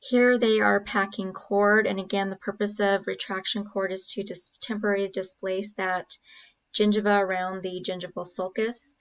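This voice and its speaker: A woman's voice: medium pitch, little pitch movement, moderate pace, dull audio. A woman narrating a dental procedure video as an instructor, explaining steps with frequent fillers.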